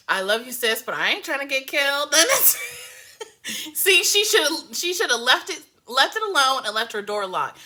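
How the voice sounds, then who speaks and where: A woman reviews a TV show in a casual, rambling rant that is full of cursing. Her high, bright voice swoops up and down in a lively way. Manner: animated, profane, rambling rants.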